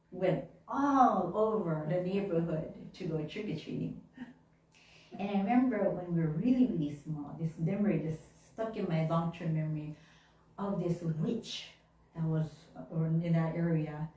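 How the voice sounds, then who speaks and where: A woman telling childhood stories during a sermon, animated and laughing often, acting out little voices along the way. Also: on the low side, normal speed. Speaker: minister. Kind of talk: storytelling sermon. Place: church hall. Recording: very echoey room, mic at a distance.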